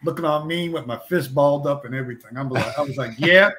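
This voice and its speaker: A man telling lively stories as a guest comic artist in a casual chat, acting out the voices he quotes. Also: medium pitch, fast talker, a little hiss or hum. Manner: animated anecdote teller, acts out quoted voices.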